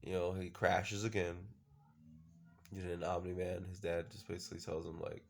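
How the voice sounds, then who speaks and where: A man's voice: sits low, flat delivery, moderate pace, creaky. A man casually recapping a show episode, rambling with lots of fillers and the odd swear word. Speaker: show reviewer.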